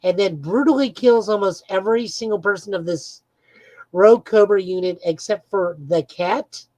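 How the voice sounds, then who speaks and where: A woman's voice: medium pitch, moderate pace, darkish tone, no room sound, rough recording. A woman co-hosting a podcast, eagerly recapping comic book plots in a casual chat with frequent "uh"s. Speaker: podcast co-host.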